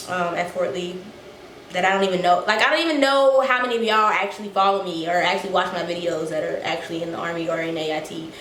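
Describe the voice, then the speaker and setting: A young woman telling a casual story to her vlog viewers, animated and a little out of breath, acting out the quotes. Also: medium pitch. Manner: animated, acts out quotes, swears freely. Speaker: vlogger. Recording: echoey room, faint noise.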